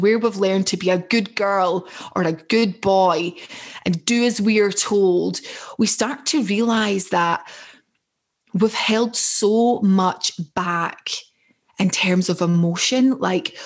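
A middle-aged British woman, a mother and personal growth coach, giving an earnest, conversational motivational talk and often checking in with "right?". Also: medium pitch.

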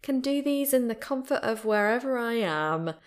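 A woman's voice: a little high, lively intonation, normal speed. A woman with a British accent hosting a podcast, reading listener emails aloud with bubbly, giggly asides. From Britain. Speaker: podcast host. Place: at home.

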